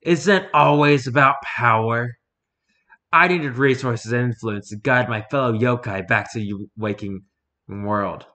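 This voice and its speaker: A man voicing a mocking male oni demon who speaks slowly and tauntingly. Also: medium pitch, pushed and bright. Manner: slow, taunting.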